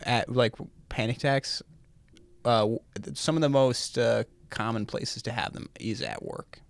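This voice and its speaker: A man's voice: mid-range voice, measured pace, gravelly, dry recording. A young man from Minnesota, a guest musician, chatting openly and easygoingly, laughing often. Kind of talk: casual interview chat.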